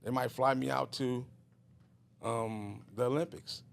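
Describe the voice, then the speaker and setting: A man's voice: medium pitch, fairly even intonation, measured pace, gravelly. A middle-aged man from Richmond, California, a guest telling his life story in a rambling, casual way with many fillers and restarts.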